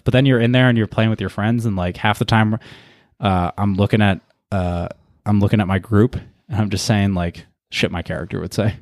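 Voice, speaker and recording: Laid-back podcast host man, lowish voice. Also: fairly even intonation, a little fast, hardly any pauses, no echo, clean studio sound. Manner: laid-back, swears casually. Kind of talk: casual chat.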